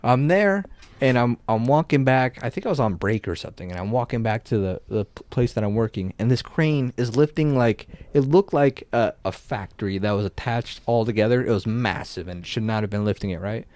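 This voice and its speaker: Animated young man telling a story. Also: medium pitch, a little fast, no room sound. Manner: animated, swears often, lots of "like" fillers. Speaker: podcast co-host. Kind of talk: casual storytelling.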